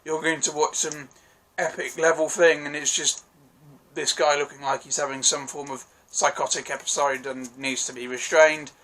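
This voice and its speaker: A man's voice: fairly high pitch, pushed and bright, low-quality recording. A man gives a casual, rambling and enthusiastic spoken review of a TV episode, often correcting himself mid-sentence. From United Kingdom. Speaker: TV review vlogger.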